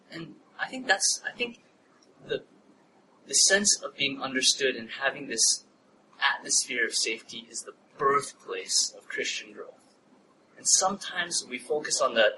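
Male pastor, animated storyteller turned hushed preacher, mic set back, room noise. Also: medium pitch, normal speed. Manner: animated storytelling, laughs at own story, drops to a soft near-whisper when preaching. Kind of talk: sermon with personal story. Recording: distant mic, noisy room ambience.

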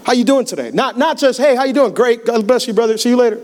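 A young male pastor preaches a sermon, his voice pitched very high. He tells stories with humor and slips into acted-out lines. The talk is animated throughout. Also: quick pace. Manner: animated, humorous, acts out quotes. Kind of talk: sermon with storytelling. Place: church sanctuary.

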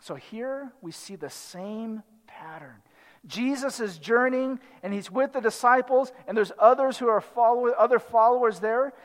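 A pastor with an extremely high, fairly bright voice preaches in a big-room space. His style is conversational, and he often turns to the congregation with a quick "right?"

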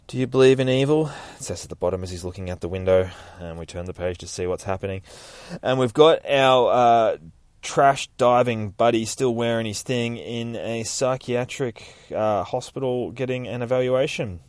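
A podcast host rattling through a comic book story, swearing freely and jumping between jokes and narration. His voice sits at middle pitch and sounds dry and close. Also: moderate pace, clear, resonant tone, no room sound. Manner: crude, excitable, sweary. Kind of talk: profane comic book recap.

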